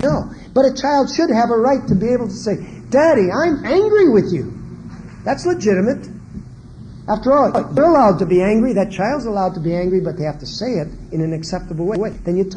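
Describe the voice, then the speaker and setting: A man's voice: sits high, brisk, background noise. A man giving a marriage seminar lecture, asking the audience question after question and acting out what parents and children say. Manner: animated, asks the audience many questions; acts out quoted parents and children. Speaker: seminar speaker.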